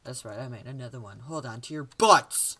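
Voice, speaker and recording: A woman's voice: rumbling low, a little fast, pushed and bright. A woman giving casual, rambling let's-play commentary, joking at her own expense as she plays. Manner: rambling, self-mocking and jokey. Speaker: gaming video host.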